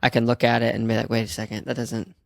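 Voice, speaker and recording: Young male host; gravelly, level delivery, casual and attentive, dry close mic. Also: mid-range voice, monotone, fast, dry recording. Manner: attentive, frequent short acknowledgements. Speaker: podcast host. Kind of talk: casual conversational interview.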